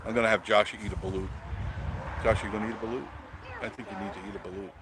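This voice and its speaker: A man's voice: lowish voice, little pitch movement, rapid-fire, background noise. A man hosting an unscripted live stream, talking bluntly and chattily and greeting viewers by name as he goes.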